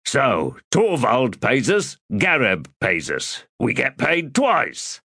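A man's voice: medium pitch, wildly swooping pitch, slow, sharp tone, breathy edge, no echo, studio quality, voice pushed up, exaggerated voice. A man voicing a nervous male petty crook who talks in a wheedling, defensive way.

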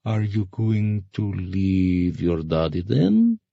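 A man voicing a gruff, callous masked ferryman who speaks with a slow, mocking drawl in an audiobook reading. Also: low-pitched, sing-song, mellow, no echo, highs cut off, exaggerated voice.

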